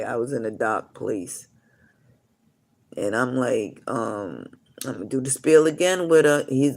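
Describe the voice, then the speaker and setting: Gravelly man telling rambling stories. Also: medium pitch. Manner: rambling, full of "you know" asides. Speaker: live streamer. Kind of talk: casual rambling storytelling.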